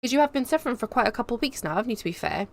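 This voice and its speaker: With a slightly high, animated voice and rapid-fire delivery, a young woman from England runs a relaxed live stream on YouTube. There's no room sound as she reads chat comments aloud and rambles bubbly and chatty, full of fillers.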